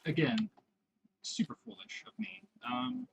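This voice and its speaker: A man's voice: sits high, big pitch swings, a little slow, vocal fry, highs cut off, slight background noise. A sleepy young man chatting casually and self-deprecatingly while he plays a game, sometimes dropping into a whisper. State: sleepy, yawning. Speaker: gaming video creator. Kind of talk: casual gameplay commentary.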